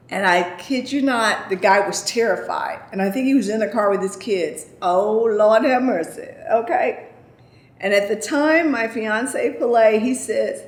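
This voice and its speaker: Chatting casually with her viewers, this vlogger responds to their questions in an unhurried, somewhat high voice. She is emphatic, keeps asking "okay?" and throws in "I kid you not" again and again, all in an echoey room.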